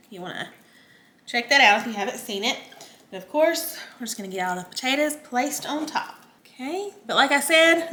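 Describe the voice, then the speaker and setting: A woman's voice: a little high, sharp tone. Chatty woman hosting a cooking show. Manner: chatty, giggly, talks to viewers as y'all. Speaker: cooking channel host. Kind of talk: casual cooking demo chat.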